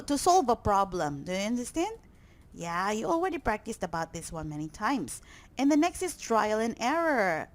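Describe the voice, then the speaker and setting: A woman teaching English vocabulary to students, often checking in with "okay?" and praising answers. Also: fairly high pitch.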